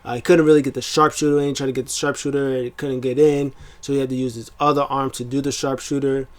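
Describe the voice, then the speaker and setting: A man casually recapping a wrestling event, rambling with fillers and jumping into excited bursts as he acts out the wrestlers. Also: mid-range voice, fast. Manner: rambling with many fillers and restarts. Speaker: wrestling show reviewer.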